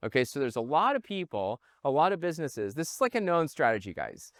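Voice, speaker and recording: A man from the Midwest giving an energetic investment presentation, often checking in with listeners and calling them "guys". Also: medium pitch, fast talker, hardly any pauses, dry recording, clean studio sound. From Midwest United States. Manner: animated, punctuates with "okay?", addresses viewers as "guys". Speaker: real estate investor pitching a fund.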